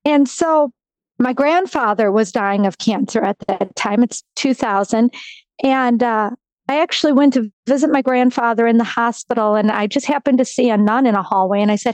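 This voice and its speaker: A middle-aged woman from Wisconsin, a podcast guest telling her faith story in an emphatic, animated way. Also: a little high, normal speed, dry recording, poor audio. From Wisconsin, USA. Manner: emphatic, animated storyteller acting out her own past words. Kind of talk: personal faith testimony.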